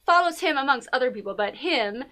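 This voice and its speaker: A woman's voice: high-pitched, expressive, brisk, bright, forceful tone. A woman co-hosting a TV talk show, chatting casually and gushing about a documentary, with many fillers. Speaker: podcast co-host.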